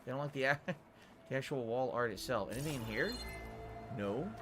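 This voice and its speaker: A man's voice: mid-range voice, moderate pace, over music. A man livestreaming a video game, chatting playfully and commenting on what he sees. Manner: chatty, playful, thanks viewers. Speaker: game streamer.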